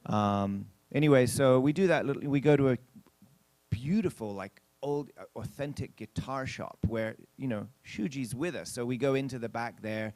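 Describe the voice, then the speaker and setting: Chatty pastor telling a story, dry sound. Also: male voice, medium pitch, normal speed, darkish tone, no room sound. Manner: chatty anecdotal telling with acted-out quotes; addresses the congregation directly. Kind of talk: storytelling sermon.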